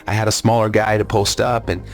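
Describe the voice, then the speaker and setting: A former basketball player recalling a game in a calm, wry interview manner. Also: male voice, on the low side, brisk. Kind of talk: interview recollection.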